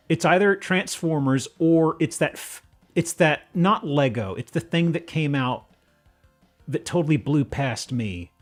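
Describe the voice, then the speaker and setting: Giggly streamer man with a lively voice. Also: fairly high pitch. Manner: giggly and excitable, breaks into laughs and restarts. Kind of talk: casual live-stream commentary.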